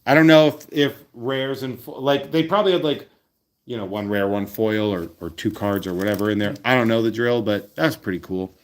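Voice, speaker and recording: A man from Massachusetts, with a voice that sits a little low, hosts a relaxed card-opening session. He reads card text aloud between eager comments. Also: brisk. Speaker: host. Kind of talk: casual card-opening chat.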